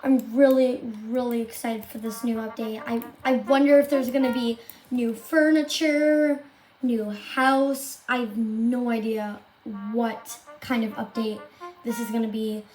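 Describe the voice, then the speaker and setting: A woman commentating live gameplay to her viewers, gushing and excitable, often squealing and exclaiming. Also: a little high, measured pace, soft background music. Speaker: game streamer.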